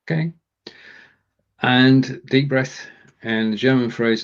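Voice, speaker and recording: A man's voice: medium pitch, a little slow, pauses often, dull audio. A man co-hosting a casual live language lesson, joking as he stumbles through German phrases. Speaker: co-host and learner.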